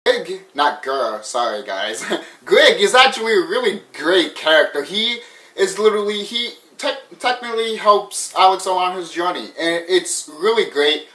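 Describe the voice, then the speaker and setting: A man giving a casual, excitable film review, swearing often and laughing. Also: high voice, moderate pace. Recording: echoey room, mic at a distance.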